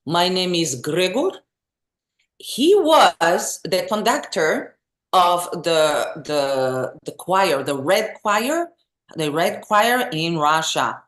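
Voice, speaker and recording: A middle-aged woman, a singer and vocal teacher telling animated stories as an interview guest. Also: fairly low pitch, extremely slow. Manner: animated, expressive storyteller. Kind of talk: casual interview storytelling. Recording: echoey room.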